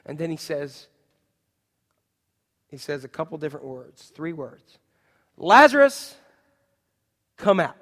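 Male pastor, sermon delivery, dynamic loud-to-hushed, high pitch, long reverb. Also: fairly even intonation, unhurried, pauses often. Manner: dynamic preaching, swinging from loud emphatic to hushed.

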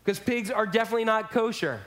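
A man's voice: sits high, quick pace, a bit bright. A man preaching a sermon in a church, speaking casually and acting out quotes in character voices. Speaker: pastor.

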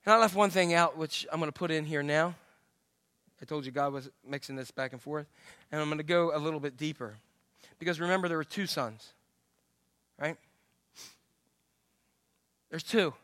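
A middle-aged man preaching a sermon, telling the story with lively acted-out voices and humor. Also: on the high side, normal speed, pauses often, no echo, clean studio sound. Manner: animated storytelling, acts out the father's voice. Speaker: pastor.

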